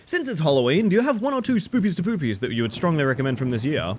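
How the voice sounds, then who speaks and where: An Australian man streaming a horror game, chatting with viewers in a playful, rambling, self-mocking way that swings between goofy and deadpan. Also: mid-range voice, fast, hardly any pauses, a little hiss or hum. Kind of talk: casual live-stream commentary.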